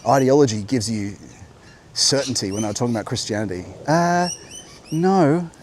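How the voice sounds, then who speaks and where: Man, mid-pitched voice, wandering walk-and-talk vlogger who keeps interrupting himself, clip-on mic, faint outdoor ambience. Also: lively intonation, normal speed, a little hiss or hum. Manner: rambling, musing, self-interrupting. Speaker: host. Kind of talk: walking vlog monologue. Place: outdoor coastal walk by a beach.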